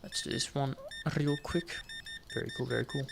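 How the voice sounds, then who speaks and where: A man gives relaxed gameplay commentary, trading jokey banter with customers on screen. His voice has a gravelly, creaky edge at an ordinary pitch. Clicks and cash-register sounds from the game are clearly heard behind him. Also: moderate pace, background noise. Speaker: gaming video host.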